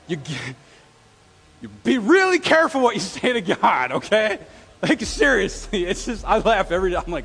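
A man preaching a sermon as pastor, telling stories with lively, self-deprecating humor. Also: sits high, moderate pace, husky. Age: adult with a wife, past graduate study. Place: church sanctuary. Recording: long reverb of a church hall.

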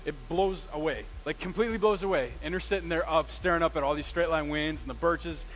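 Man, middle-aged, pastor, sermon storytelling, animated, slightly high voice. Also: fast talker, rough recording. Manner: animated, acts out quoted lines with big swings in loudness.

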